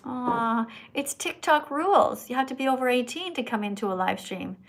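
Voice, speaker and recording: A woman with a somewhat high, animated voice talks at a moderate pace while hosting a live stream with callers. She sounds like a schoolteacher, instructing and scolding, and remarks that her own voice is annoying.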